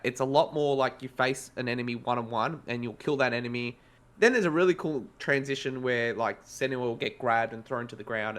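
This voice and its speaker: A man with an Australian accent talks through a game review in casual podcast chat. He rambles and corrects himself mid-sentence, his voice sitting at an ordinary middle pitch. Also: fairly bright tone. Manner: rambling, self-correcting, conversational.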